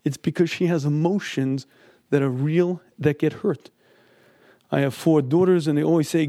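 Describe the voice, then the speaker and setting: A man's voice: fairly high pitch, fairly even intonation, normal speed, warm tone, dry recording, studio quality. Emphatic middle-aged man teaching Talmud. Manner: emphatic, acts out quoted speech. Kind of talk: lecture on Talmud and marriage.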